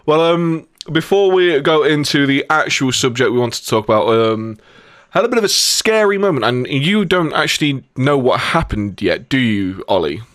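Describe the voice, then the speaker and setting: A young man hosts a relaxed podcast with friends. He laughs easily and stumbles through fillers as he talks. His voice sounds close and dry, with almost no room around it. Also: mid-range voice, moderate pace, dry recording. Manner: laughing, joking, hesitant with fillers. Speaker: podcast host. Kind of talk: casual podcast chat.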